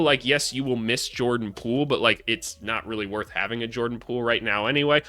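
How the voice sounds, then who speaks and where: A young man hosting a basketball analysis channel, talking casually and bluntly with swearing and lecturing his viewers. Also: pushed and bright. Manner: blunt and profane, lectures viewers, mocks commenters in shrill voices. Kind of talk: casual commentary to camera.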